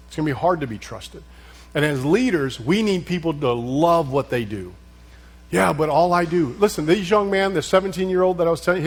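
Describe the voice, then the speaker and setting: Husky-voiced man preaching on leadership. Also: on the high side. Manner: conversational preaching with humor and repeated questions. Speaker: pastor. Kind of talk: leadership teaching session.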